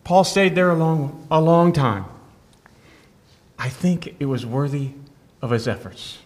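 Middle-aged man, earnest sermon, missionary doctor, fairly high voice. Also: lively intonation, measured pace, darkish tone.

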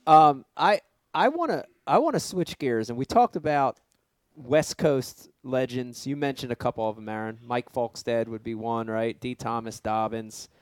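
A man hosting a casual podcast, excitable and lively, who swears casually and calls people dude. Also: mid-range voice, normal speed, dry recording. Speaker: podcast host.

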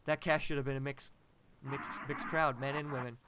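A man's voice: mid-range voice, fairly even intonation, normal speed, noisy background. A young adult man co-hosting a podcast in casual chat, emphatic and opinionated. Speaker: podcast co-host.

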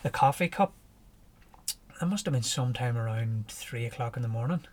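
A man with a Northern Irish accent, a podcast guest telling his story in a relaxed, lively way and chuckling as he goes. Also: medium pitch, a little fast. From Northern Ireland. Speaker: podcast guest, ultra runner. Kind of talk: casual storytelling.

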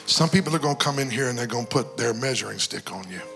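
A man preaching a sermon as a guest bishop in a church, exhorting and shouting, with big swings between loud cries and quiet talk. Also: mid-range voice, lively intonation, quick pace, creaky, faint music behind, a faint crowd. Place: church sanctuary.

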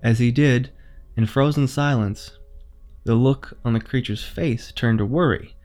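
Male horror narrator, measured, suspenseful delivery. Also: mid-range voice, darkish tone, soft background music.

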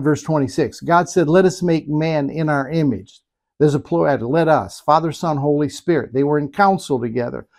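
Male pastor mid-sermon, a touch high-pitched, emphatic and repetitive. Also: warm tone. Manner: emphatic, rhetorical questions and repetition.

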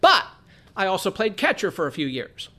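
A man's voice: high voice, wildly swooping pitch, moderate pace, sharp tone. A man from Southern California teaching an earnest Bible study lesson, repeating phrases for emphasis.

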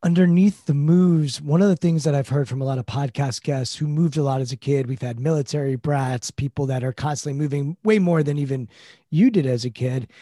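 A man hosting a podcast who asks reflective, measured questions and shares his own memories. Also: a little high, warm tone, dry recording, studio quality. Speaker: podcast host. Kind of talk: podcast interview.

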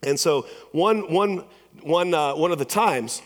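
A male pastor delivers a sermon in a church sanctuary, telling stories in a conversational way with many restarts and repeated words. His voice sits fairly high, with lively intonation and an unhurried pace. The recording carries the long reverb of a church hall.

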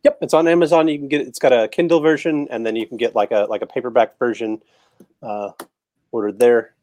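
A man's voice: mid-range voice, fairly even intonation, a little fast, a little mellow. Easygoing male guest on a call. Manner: easygoing, laughs readily. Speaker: guest author. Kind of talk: casual interview chat. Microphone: video call.

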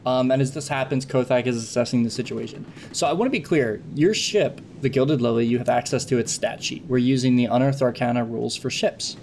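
A man narrating as game master, lively and quick to laugh. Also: mid-range voice, slight background noise.

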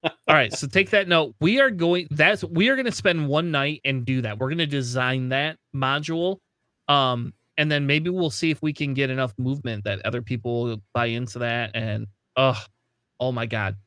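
A man hosting a casual gaming chat, excitable and quick to laugh, swearing now and then. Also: mid-range voice, no echo, clean studio sound.

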